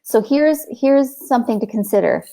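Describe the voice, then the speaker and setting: A woman's voice: on the high side, animated, moderate pace, creaky, warm tone. Chatty middle-aged woman coaching live. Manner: chatty, storytelling, frequent "like" and "right?". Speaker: coach hosting a live show. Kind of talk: casual live-stream coaching talk.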